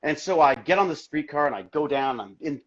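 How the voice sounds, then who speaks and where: Man, husky voice, rather high, rambling animated storyteller, dull lo-fi livestream audio. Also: fairly quick. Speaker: interview guest, actor. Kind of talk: casual interview chat. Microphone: video call.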